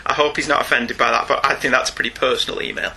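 A man's voice: mid-range voice, steady tone, gravelly, sharp tone. A middle-aged British man co-hosting a podcast, reading out listener emails in a chatty manner with frequent laughs. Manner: chatty, slows down and laughs often. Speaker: podcast co-host.

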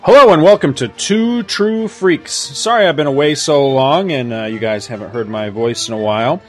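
A man's voice: medium pitch, lively intonation, normal speed, faint music behind. A man in his fifties hosting a podcast in casual, rambling, self-deprecating chat. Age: 50s. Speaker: podcast host.

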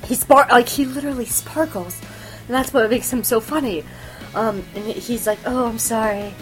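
A woman podcast host chatting in a casual, animated way, giggling and swearing as she gushes about her favorite shows. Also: fairly high pitch, normal speed, soft background music. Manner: animated, giggly, profane fangirl gushing. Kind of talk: casual chat.

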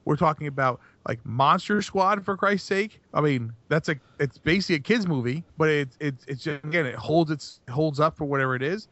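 Rambling higher-voiced man, dry lo-fi. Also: brisk, few pauses, fairly bright tone, no echo. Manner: rambling, many restarts and fillers. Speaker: podcast co-host. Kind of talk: casual podcast chat. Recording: dry, dull lo-fi podcast mic.

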